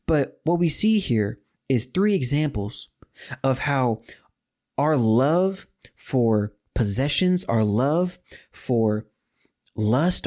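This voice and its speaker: A man's voice: mid-range voice, a little mellow. Young man preaching a casual sermon. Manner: casual slang when retelling scripture. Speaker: pastor.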